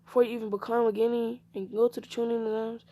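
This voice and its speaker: A woman's voice: fairly high pitch, little pitch movement, fast talker, warm tone, close to an everyday voice. A woman voicing a stern older male ninja who scolds his son. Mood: scolding. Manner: scolding, firm.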